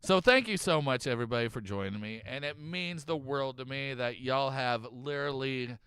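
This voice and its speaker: Joking guy host w/ a bright crisp voice, dry close sound. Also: medium pitch, moderate pace, no room sound. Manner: loud joking, laughs often. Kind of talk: casual recap commentary.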